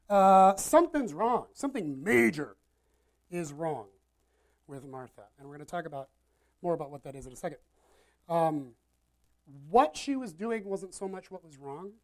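A woman preaching a sermon in a casual, animated, conversational way, often checking in with "right?". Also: mid-range voice.

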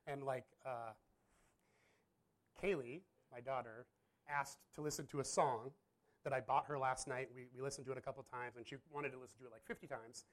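A man's voice: medium pitch, fairly even intonation, fairly quick. A man in his thirties, a pastor, telling a personal story in a candid, self-deprecating, rambling way with frequent laughs. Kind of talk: casual storytelling.

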